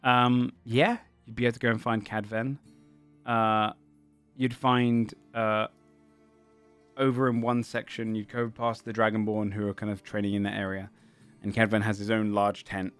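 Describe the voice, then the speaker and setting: A man's voice: fairly low pitch, little pitch movement, moderate pace, fairly bright tone, smooth, faint music behind. A man narrating a tabletop game as game master, describing scenes in a rambling way full of fillers.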